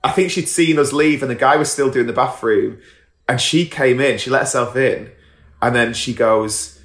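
A man telling stories in a casual podcast chat, animated, laughing often and acting out the voices of people he talks about. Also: mid-range voice, moderate pace, roomy sound. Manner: swears casually. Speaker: guest storyteller.

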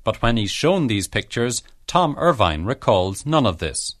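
A man narrates a history documentary from a script, measured and explanatory. His pitch moves expressively through each sentence, and the recording is close and dry, with no room sound. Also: very animated, a bit bright, no echo.

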